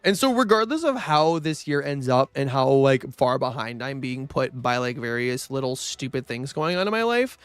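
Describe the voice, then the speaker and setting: A man's voice: mid-range voice, expressive, normal speed, few pauses, clean tone, no room sound. A young man chatting casually while streaming a game, rambling with lots of fillers and casual swearing. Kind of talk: casual gaming livestream chat.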